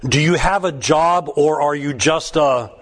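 A man reading the lines of a brisk female records clerk, curt and officious. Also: a little high, fairly bright tone.

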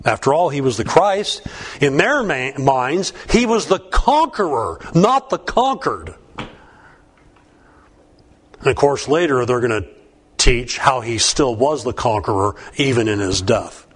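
A man's voice: medium pitch, very animated, takes it slowly, slight background noise. A man preaching a sermon, reading scripture and breaking into folksy, conversational asides. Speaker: pastor.

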